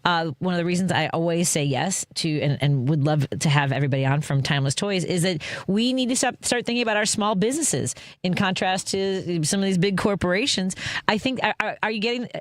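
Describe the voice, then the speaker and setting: A woman hosting a radio talk show from the Chicago area, chatty and self-deprecating with quick asides. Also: fairly low pitch, no echo, studio quality. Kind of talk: casual radio chat.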